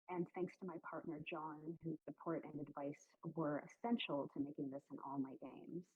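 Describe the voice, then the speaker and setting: A woman's voice: sits low, steady tone, normal speed, husky, no echo. A woman accepting an award remotely, speaking earnestly as she thanks everyone who helped her. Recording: tinny phone-like remote line.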